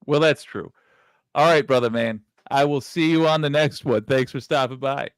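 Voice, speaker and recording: A man's voice: mid-range voice, moderate pace, clean tone. A man hosting a live stream, easygoing and friendly in his banter. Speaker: host.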